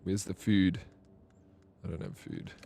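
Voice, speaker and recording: A man's voice: sits low, sing-song, a little slow, vocal fry, mellow. A man streaming a video game live, chatting casually with viewers and telling rambling stories full of fillers and restarts. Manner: reads out and answers chat messages. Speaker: livestreamer. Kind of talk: casual live gameplay chat.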